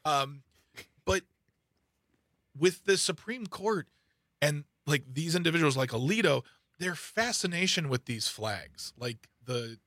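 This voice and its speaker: A man filling in as a talk radio host, chatting casually and rambling with quick asides. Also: a little high, animated, a bit bright, no room sound.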